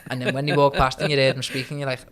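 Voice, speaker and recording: Scouse guest, young, bright forceful voice, slangy and laughing. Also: male voice, mid-range voice, racing. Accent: Liverpool (Scouse). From Liverpool, England. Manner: animated, laughs often, slangy. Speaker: podcast guest, trading firm CEO. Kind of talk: casual chat.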